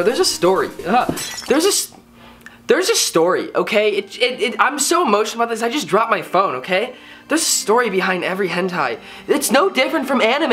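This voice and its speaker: In a casual comedic vlog, a young man reads viewer comments aloud and jokes about them in a playful, mock-dramatic way. His voice is high-pitched with a fairly bright tone.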